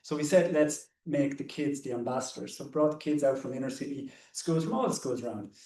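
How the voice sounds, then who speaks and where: A man's voice: medium pitch, lively intonation, fairly quick, darkish tone. An Irish man on a discussion panel, telling stories in an anecdotal way and often repeating words as he goes. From Ireland. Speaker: conservationist panelist. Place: hall or seminar room. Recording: roomy, distant mic.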